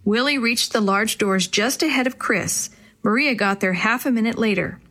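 A woman reading a children's adventure story aloud with expressive, animated delivery. Her voice sits slightly higher than most. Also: normal speed.

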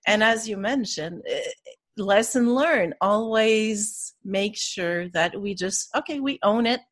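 A woman's voice: mid-range voice, slow pace. A woman hosting a casual interview, encouraging her guest and laughing along. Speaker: interviewer host.

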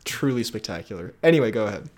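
Animated jokey young man. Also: on the low side, fast talker. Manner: laughs often, rambling and jokey. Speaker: podcast co-host. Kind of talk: casual chat.

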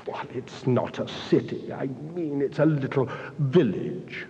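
A man's voice: mid-range voice, unhurried, warm tone. A man preaching a sermon, speaking to his listeners directly and building long repeated lists. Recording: dull, echoey hall recording.

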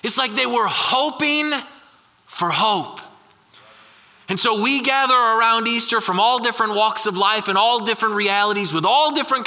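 A man in his thirties preaches with a very bright, forceful voice, keeping it casual and asking his listeners the same question again and again. He slows right down to land his key points. His words ring out with a long reverb, as in a large church hall. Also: high-pitched. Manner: conversational, repeats questions, slows down for emphasis. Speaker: pastor. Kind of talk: sermon.

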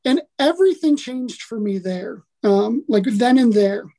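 A man from Milwaukee sharing his personal testimony as a podcast guest, earnest and animated, often restarting his sentences. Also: very high-pitched, a little slow. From Milwaukee, Wisconsin, USA. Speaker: podcast guest, author and coach. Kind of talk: casual personal testimony in an interview.

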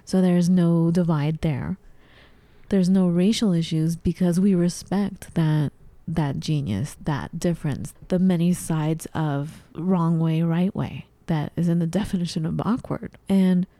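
A woman co-hosting a casual chat, animated, often acting out her own confused reactions in a high voice. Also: a little slow, no room sound. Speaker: podcast co-host.

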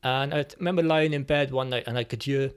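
A man as a podcast guest, speaking reflectively and hesitantly with many pauses as he tells his personal story. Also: mid-range voice, fairly even intonation, smooth. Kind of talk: personal testimony in conversation.

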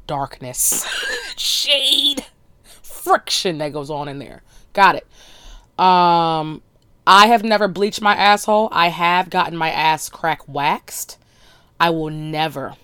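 A woman hosting a podcast, talking in a blunt, crude, animated solo monologue with laughing asides. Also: on the low side, dry recording. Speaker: podcast host.

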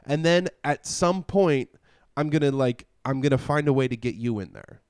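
A man's voice: mid-range voice, moderate pace, a little mellow, clear, resonant tone, no echo. A young man co-hosting a podcast, bantering casually, swearing and laughing often. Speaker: podcast co-host. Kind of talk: casual chat.

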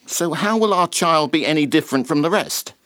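An actor playing a keen, earnest husband ordering a deliberately plain baby from a doctor. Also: male voice, fairly high pitch, lively intonation, a bit bright, dry recording, studio quality. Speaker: prospective father.

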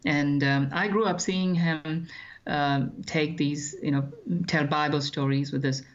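A man, recounting his childhood as an interview guest in a measured, thoughtful way with frequent hesitations. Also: a little high, fairly even intonation, highs cut off. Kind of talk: reflective personal storytelling.

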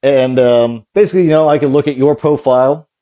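A man from California, a guest on a podcast, explaining things in a relaxed, easygoing way. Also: mid-range voice, a little fast. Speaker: guest, business founder. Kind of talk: casual interview chat.

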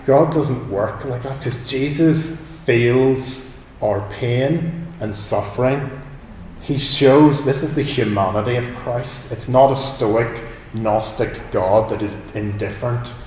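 Preacher in an echoey hall. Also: male voice, mid-range voice, a little hiss or hum. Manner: conversational, animated preaching with rhetorical questions. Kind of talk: sermon. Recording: echoey hall with long reverb.

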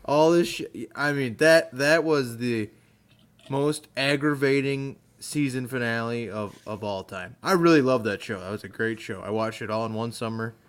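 A man's voice: mid-range voice, normal speed. A young man talking on a podcast in a mid-range voice, ranting with enthusiasm and a few curse words. He keeps it casual and conversational. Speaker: podcast co-host.

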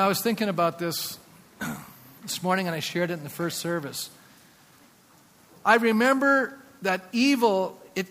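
A man's voice: fairly high pitch, fairly bright tone, in a large hall. A man preaching a sermon as pastor, speaking emphatically and acting out quotes, recorded in a church sanctuary.

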